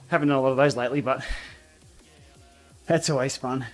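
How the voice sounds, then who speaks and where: A man hosting a casual cycling livestream from his home training room, blunt and outspoken, quick to laugh. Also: fairly high pitch, faint music behind. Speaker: cycling YouTuber and livestream host. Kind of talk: casual livestream chat while riding.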